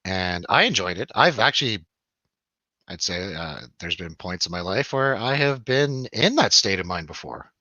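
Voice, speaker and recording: A man's voice: low-pitched, lively intonation, moderate pace, pushed and bright, no room sound, muffled recording. A man hosting a radio show, telling a rambling, laughing, swearing story in a casual chat.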